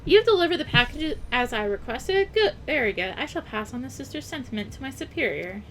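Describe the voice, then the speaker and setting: A woman's voice: high voice, big pitch swings, brisk, fairly bright tone, slight background noise, low-quality recording. A woman voicing a stiff, formal port official with stern, proper phrasing.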